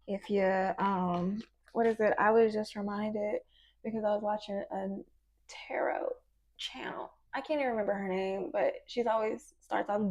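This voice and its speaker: A woman's voice: mid-range voice, a little mellow. A woman giving a casual tarot reading who talks in a chatty, meandering way and encourages the listener. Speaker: tarot reader and life coach.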